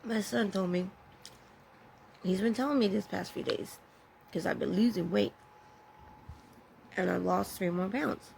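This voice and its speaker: A woman talks through a personal story in a vlog, in a candid and halting way. Her voice is full of vocal fry and sounds deeply gravelly. Faint noise sits behind her. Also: darkish tone, low-quality recording. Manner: halting and candid, with pauses and self-corrections. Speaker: vlogger sharing her own story.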